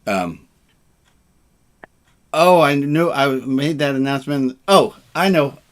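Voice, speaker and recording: A man leading a relaxed, informal service, joking and self-deprecating, with sarcastic asides. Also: medium pitch, takes it slowly.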